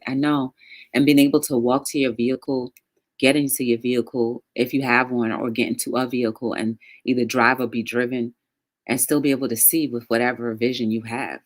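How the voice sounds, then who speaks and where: A woman's voice rumbles low as she hosts an informal livestream talk show. She calls out viewers by name with bright excitement and muses reflectively in between.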